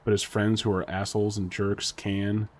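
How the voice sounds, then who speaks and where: A man's voice: lowish voice, little pitch movement, normal speed. Rambling, laughing male podcast co-host. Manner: rambling, laughs often, speculative. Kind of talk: casual chat.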